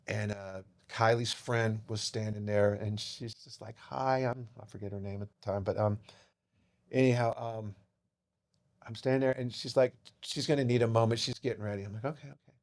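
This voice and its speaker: A man with a mid-range voice and moderate pace shares an emotional personal story as a podcast guest. He shifts between loud, animated moments and hushed, tearful ones, swearing casually and calling listeners "dude."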